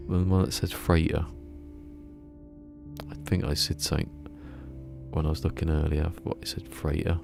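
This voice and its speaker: Male game streamer, very low gravelly voice, rambly muttered chat, game music behind. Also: flat delivery, normal speed, long pauses, darkish tone. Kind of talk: casual live gameplay commentary.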